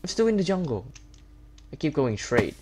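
A man's voice: a little high, big pitch swings, normal speed, background noise. A man giving gameplay commentary, upset and complaining, repeating himself and stumbling over his words. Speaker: Minecraft YouTuber. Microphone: desktop setup with webcam.

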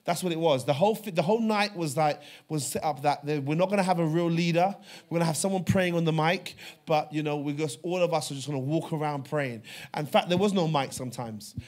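Fervent male preacher, slightly high voice. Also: brisk. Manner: fervent storytelling, swings from hushed to loud. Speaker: pastor. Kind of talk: sermon.

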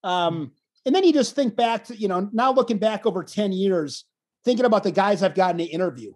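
A man, a wrestling commentator, telling a story in a casual interview, animated and self-deprecating, often restarting his phrases. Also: high voice, a little fast.

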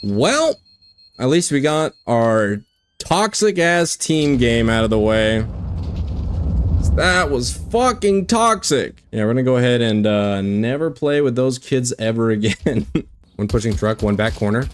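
A young man streaming a shooter game, commenting on his own play in an excitable, foul-mouthed way. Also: medium pitch, measured pace, clean tone. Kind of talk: live gameplay commentary.

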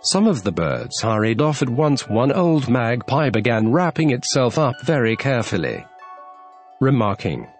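A man reading a classic storybook aloud as narrator, in a measured, even storytelling manner. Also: medium pitch, faint music behind. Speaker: audiobook narrator.

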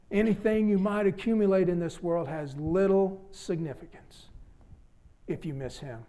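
A male pastor preaching a sermon in church, with repeated emphatic appeals that fall low and soft at the ends of phrases. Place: church sanctuary.

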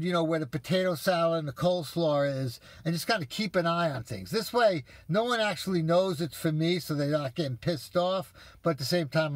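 A man's voice: a little high, dry recording. A man telling viewers an exasperated story in a casual, profane rant. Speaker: vlogger ranting to viewers.

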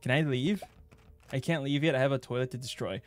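A young man streaming a game playthrough, joking crudely and bursting into excited yelps. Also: medium pitch, fairly quick. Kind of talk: gaming playthrough commentary.

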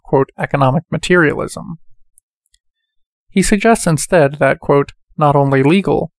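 A man reading a book aloud in a measured way, speaking the quotation marks as he goes. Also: a little high, gravelly, dry recording, studio quality. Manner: measured, reads quotations with quote marks spoken. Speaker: audiobook reader.

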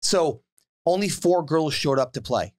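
A man in his forties co-hosting a podcast, telling a story in casual chat, repeating words and getting more excited as he goes. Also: a little slow. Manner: animated, repeats words and restarts, rises in pitch when worked up. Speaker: podcast co-host and youth basketball assistant coach.

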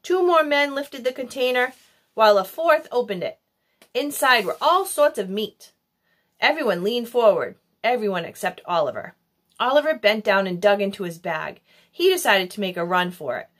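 Woman reading a storybook, animated. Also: mid-range voice, moderate pace. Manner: expressive, animated. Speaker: audiobook reader. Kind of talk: storybook narration.

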